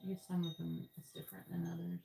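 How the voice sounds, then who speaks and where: Low, gravelly-voiced woman chatting on a live stream. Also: level tone, fast, mellow, a little hiss or hum. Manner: chatty, talks straight to the live chat. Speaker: tarot reader. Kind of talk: live-stream chat with viewers.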